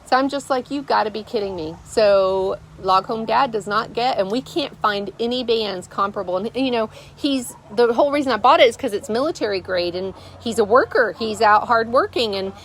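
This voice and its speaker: A woman's voice: a little high, moderate pace, few pauses, slight background noise. A middle-aged woman, hosting a vlog and telling a rambling story with many fillers. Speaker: vlogger, channel host. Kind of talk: casual storytelling to camera. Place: rural homestead, outdoors.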